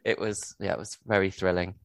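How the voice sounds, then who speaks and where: Lively storytelling man, dry close sound. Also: sits low, brisk, clear, resonant tone, dry recording. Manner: animated storyteller who acts out quotes in changed voices. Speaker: podcast co-host. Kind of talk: casual chat.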